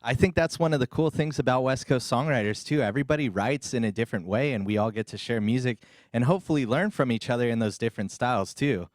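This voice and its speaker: A man's voice: mid-range voice, quick pace, few pauses, no echo, studio quality. A man with an American accent hosting a songwriter showcase, upbeat and friendly as he brings performers up. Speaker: show host.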